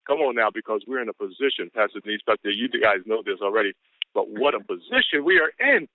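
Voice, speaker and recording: Fast-talking, whooping man on a phone line. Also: lowish voice, animated, a little hiss or hum. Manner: exuberant, whooping and calling out to listeners. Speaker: business caller giving the daily quote. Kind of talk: excited motivational pep talk.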